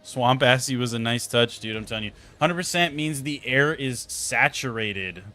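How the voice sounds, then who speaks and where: Soft background music plays while a young streamer with a medium-pitched voice talks at normal speed into a close desk mic. He's gaming and telling chat stories in an animated, exasperated way, swearing as he goes.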